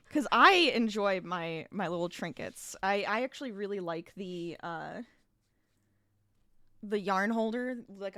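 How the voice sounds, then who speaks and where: A woman with a medium-pitched, fairly bright, clear and resonant voice is heard in a studio-quality recording with no echo. She chats casually on a livestream while crocheting, a bit out of breath, laughing often and trailing off mid-sentence.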